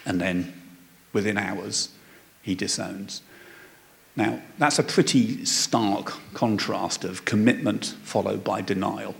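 A man delivers a Bible teaching in a relaxed, conversational manner, pausing on fillers and restarting his sentences. His voice sits fairly low with a gravelly edge. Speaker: preacher.

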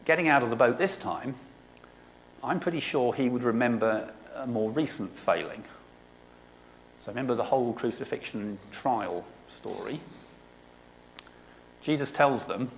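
A man giving a sermon, reading scripture aloud and explaining it in a conversational way, often pausing on "okay". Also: medium pitch, animated, vocal fry, a little hiss or hum, low-quality recording. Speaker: preacher.

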